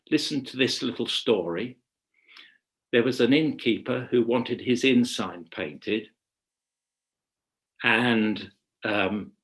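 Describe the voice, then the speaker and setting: A man teaching a writing workshop over a video call. He speaks very slowly and deliberately at an everyday mid pitch, working through his thoughts aloud. He pauses often to rephrase before landing on the point. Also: fairly bright tone. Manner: measured and reflective, pausing to rephrase. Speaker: radio drama writer leading a writing workshop. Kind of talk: webinar lecture.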